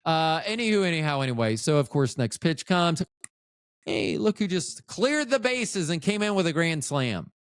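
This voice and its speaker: A man in his fifties hosts a podcast and spins rambling, self-mocking stories, swearing freely. His pitch rises and falls in lively swings, and he sits slightly high for a man. The recording is close and dry. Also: unhurried, no echo. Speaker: podcast host. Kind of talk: casual storytelling monologue.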